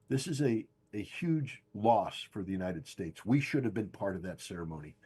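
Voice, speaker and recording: Emphatic older man with a husky low voice. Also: dark tone. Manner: emphatic, insistent, repeats key phrases. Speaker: guest analyst. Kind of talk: political commentary on a podcast stream.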